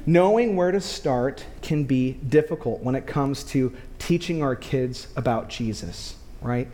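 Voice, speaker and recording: A pastor preaching a sermon, who tells stories in a lively way and speaks straight to his congregation. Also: medium pitch, measured pace. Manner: lively storytelling, addresses the congregation directly.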